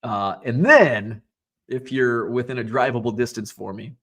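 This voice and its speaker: Speaking at a measured pace with a medium, slightly bright voice, a male sports card livestreamer reads viewer comments out loud between loose chat and meandering stories. He swears casually throughout this casual livestream chat and storytelling.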